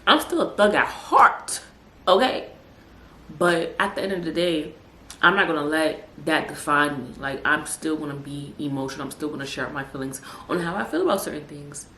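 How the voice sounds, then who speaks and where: A woman's voice: low voice, lively intonation, moderate pace, bright, forceful tone. A young woman hosting a podcast, talking in a casual, emphatic monologue, repeating words for stress and dropping in street slang. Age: young adult. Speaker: podcast host. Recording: echoey room with faint background hum.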